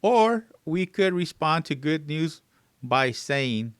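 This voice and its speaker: A man teaching English phrases, repeating each one slowly and word by word, with fillers and friendly asides to his viewers. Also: a little high, lively intonation, clean tone, dry recording, clean studio sound. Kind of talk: slow, drilled phrase teaching.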